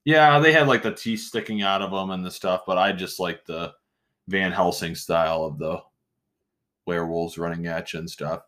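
A man co-hosting a casual chat, rambling and animated, often interrupting himself. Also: low voice, normal speed. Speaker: podcast co-host.

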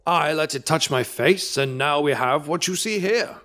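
An actor playing an eccentric old professor who speaks formally and self-assuredly. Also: male voice, a little high, normal speed, a bit bright, natural voice. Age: older. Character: eccentric old male professor, calm and pompous.

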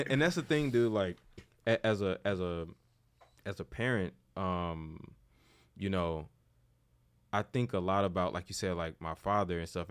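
Deep-voiced man telling stories, slangy. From St. Louis, USA. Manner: loose and slangy, swings into animated storytelling. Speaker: podcast host. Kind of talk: casual conversation.

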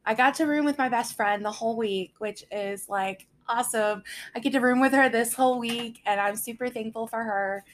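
A woman's voice: a little high, moderate pace, a little hiss or hum. A young woman telling a personal faith story in a casual, rambling way, often laughing at her own anecdotes.

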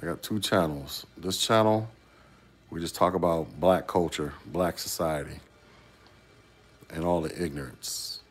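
A man's voice: sits low, a little slow, pauses often, breathy edge. A man hosting a casual YouTube talk, answering a viewer's comment with rhetorical questions.

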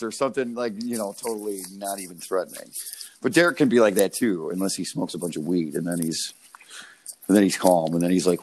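Lower-voiced man, blunt and swearing. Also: fairly quick, darkish tone. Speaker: podcast co-host. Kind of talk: casual chat.

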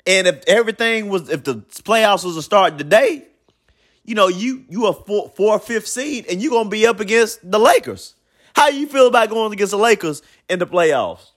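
A man's voice: high-pitched, a bit bright. A man hosting a sports talk show, giving a blunt, opinionated basketball commentary monologue in a colloquial way, often repeating himself.

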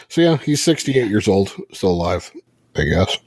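A man with a slightly husky, low voice hosts a casual podcast chat. His pitch jumps around a lot as he talks, and the sound is dry and close. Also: no room sound. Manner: laughs often, animated pitch swings. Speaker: podcast host.

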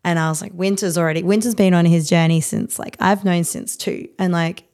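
A woman in her thirties, a podcast guest talking candidly in a rapid, rambling, heartfelt way with many fillers. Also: fairly low pitch, steady tone, darkish tone. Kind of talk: candid conversational interview.

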